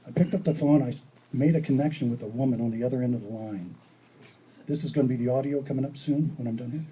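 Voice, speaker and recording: A man giving an art talk, telling stories in a rambling, animated way and acting out dialogue. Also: mid-range voice, fast talker, husky, poor audio. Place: gallery or hall.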